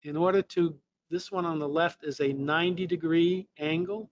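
A man's voice: fairly high pitch, fairly even intonation, moderate pace, lo-fi sound, a little hiss or hum. A man with a New England accent giving a casual technical lesson, explaining things step by step with frequent fillers. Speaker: technical trainer.

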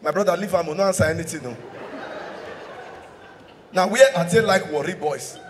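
Speaking at a moderate pace with a somewhat high voice, a Nigerian-accented comedian does stand-up at a live show venue in a hall. He switches from English to Pidgin and back, cracking himself up, and the stage mic captures hall reverb along with slight background noise.

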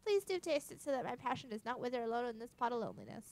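A melodramatic fish chef with a high, gravelly squeal and a rushed, theatrical delivery, as a woman puts him on. He frets over his cooking as if it were a tragedy, in a video game read-aloud. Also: lively intonation, faint music behind. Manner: theatrical, overwrought. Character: fussy fish chef, melodramatic, mangles words.

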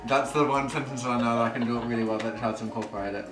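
A man's voice: medium pitch, fairly even intonation, rapid-fire. Young man, playful vlog chat, roomy echo, music in the background. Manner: playful, laughs often. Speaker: vlogger. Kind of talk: casual chat. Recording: echoey room, distant mic, music behind.

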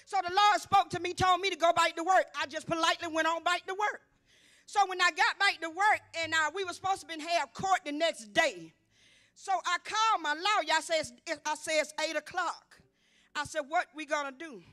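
A woman's voice: very high-pitched, brisk, sharp tone, dry recording, clean studio sound. A woman in her fifties giving a church testimony, telling her story vividly and acting out each exchange, rising to emphatic exclaiming. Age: 50s. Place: church convocation.

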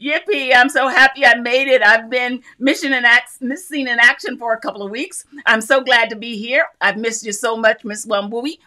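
A woman's voice: a little high, fairly even intonation, normal speed, few pauses, sharp tone. A woman hosting a casual live craft stream, greeting viewers by name and reading their comments aloud in a chatty, upbeat way with frequent laughs.

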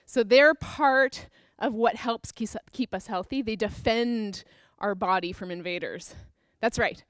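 A woman's voice: on the high side, no echo, studio quality. A woman teaching a creative movement dance class for children, upbeat and encouraging as she counts out the moves. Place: dance studio with a piano.

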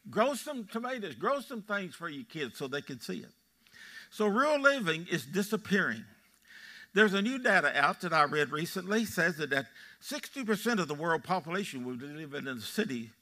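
A man's voice: high voice, pushed and bright. A man in his eighties with a Texan accent, preaching a sermon in a folksy storytelling way and quizzing his congregation. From Texas. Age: 80s. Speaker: pastor. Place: church sanctuary.

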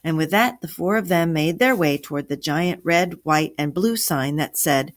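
A woman reading a children's science story aloud, giving the characters expressive, lively voices. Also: low-pitched, moderate pace, few pauses.

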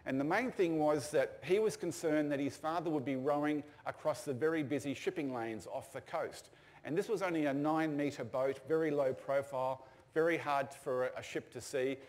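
A man's voice: fairly high pitch, normal speed, darkish tone. An older man, telling stories casually with fillers and restarts. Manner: casual anecdotal storytelling with fillers. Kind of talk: storytelling talk.

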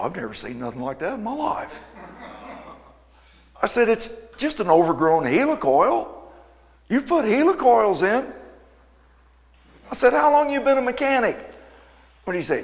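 Folksy man telling a story in a reverberant hall. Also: a little high. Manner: folksy, animated anecdote-telling with quoted dialogue. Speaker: aircraft mechanic and speaker. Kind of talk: storytelling talk to an audience. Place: event hall.

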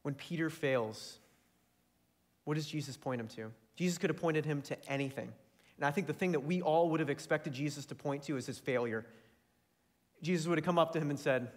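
A young man delivering a sermon in a fairly high voice. He speaks earnestly, with a build toward fervent, pressing emphasis. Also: fairly quick. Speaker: preacher.

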